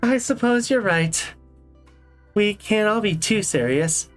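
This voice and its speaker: A woman voicing a graceful, soft-spoken female ballerina animatronic with a gentle, refined manner. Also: medium pitch, expressive, slow pace, soft background music. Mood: wistful.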